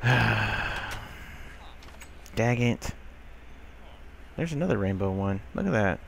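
Gamer, man, lowish voice, exasperated running commentary, faint hiss behind. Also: animated, takes it slowly, gravelly, a bit bright. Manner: exasperated, grumbling, talks to game characters, mild swearing. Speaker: gameplay commentator. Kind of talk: casual let's-play commentary.

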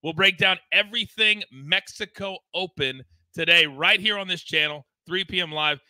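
High, bright-voiced hyped sports show host. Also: male voice, normal speed, no echo. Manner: hyped, promotional, teasing. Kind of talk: live sports betting show banter.

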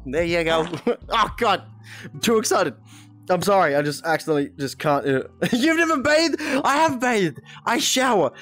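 A young man streaming a VR game, chatting casually, giggling often, swearing and reading chat aloud. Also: a little high. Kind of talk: casual live-stream chat while playing. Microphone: VR headset mic.

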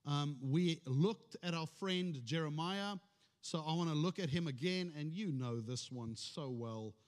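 A pastor with a high-pitched voice delivers a sermon in church, addressing his congregation in a conversational, storytelling way laced with playful humor. The sanctuary gives his voice a long reverb. He speaks at a measured pace with a somewhat dark tone.

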